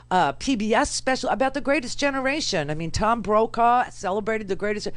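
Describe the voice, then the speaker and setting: A woman hosting a political radio talk show, brash and sarcastic, with lots of fillers and quick asides. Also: a little high, dry recording. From New York. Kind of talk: political commentary monologue.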